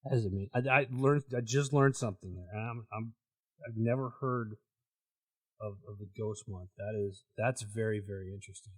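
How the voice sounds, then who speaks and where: A man's voice: lowish voice, normal speed, breathy edge. A man hosting a casual interview, asking questions with frequent restarts and eager reactions. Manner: stammering, enthusiastic questioner. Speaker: podcast host.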